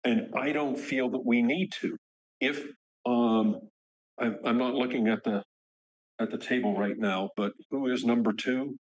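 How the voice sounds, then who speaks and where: A man chairing a board meeting, talking haltingly with many ums and restarts. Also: mid-range voice, steady tone, highs cut off. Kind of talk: formal meeting discussion.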